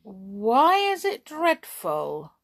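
A woman's voice: mid-range voice, very animated, a little slow, husky, full character voice. A woman voicing a nervous little male brownie who speaks in an anxious, urgent way. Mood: uneasy.

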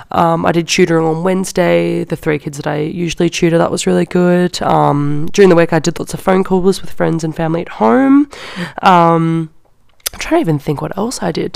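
A woman's voice: on the low side, fairly even intonation, brisk, creaky, darkish tone, dry recording, studio quality. A young woman, hosting a podcast and telling a casual story in a chatty way, often saying "like". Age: young adult. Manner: chatty, heavy use of "like". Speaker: podcast host.

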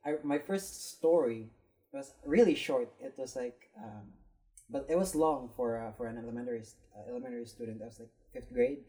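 A young woman casually telling a story to friends, swearing freely and acting out the lines of the people in it. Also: rumbling low. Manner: animated, swearing, acts out quoted lines.

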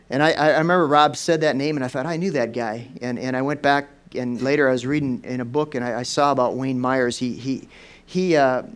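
A man preaching a sermon in a rambling, storytelling way, repeating and restarting words and then rising in pitch and volume for emphasis. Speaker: pastor.

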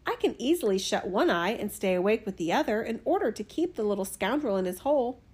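A woman's voice: mid-range voice, very animated, quick pace, darkish tone, breathy edge. A woman voicing a tired female owl on guard, musing to herself. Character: watchful female owl guard, sleepy and dutiful.

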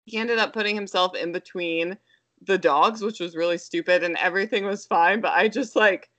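A woman's voice: fairly low pitch, moderate pace, a bit bright, dry recording. A young adult woman co-hosting a podcast, telling family stories in a chatty, laughing way. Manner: chatty storytelling with frequent laughs and "like". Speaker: podcast co-host. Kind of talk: casual chat.

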